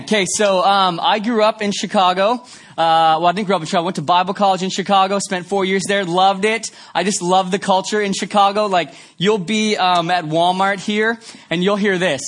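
A man's voice: sits high, steady tone, moderate pace, fairly bright tone. A man from Canada giving a conversational sermon in a church, telling stories with many fillers. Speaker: pastor. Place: church sanctuary.

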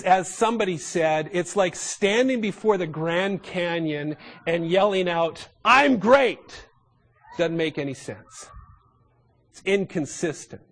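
A man preaching a sermon as a pastor, talking through a passage with rhetorical questions to his listeners. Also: high voice. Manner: animated, rhetorical questions to the congregation.

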